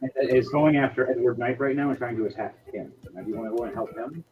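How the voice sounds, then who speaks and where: A man's voice: medium pitch, fast talker, phone-quality sound, faint music behind. A man narrating as game master, talking casually and crudely with many fillers and restarts. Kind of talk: narrating a tabletop game over a stream.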